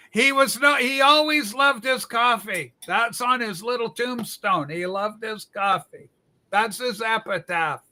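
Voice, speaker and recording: A man's voice: extremely high pitch, bright, forceful tone, heavily acted. A man playing Rachel, a flamboyant, gossipy woman who fusses and scolds in mock scandal during comedic livestream banter. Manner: campy, chatty, mock-scandalized.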